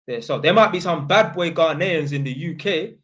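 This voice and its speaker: A man's voice: a little high, normal speed, a bit bright. A man from North London with a London accent, hosting his channel in slangy, rambling casual talk. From North London, England. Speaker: channel host. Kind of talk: casual livestream chat.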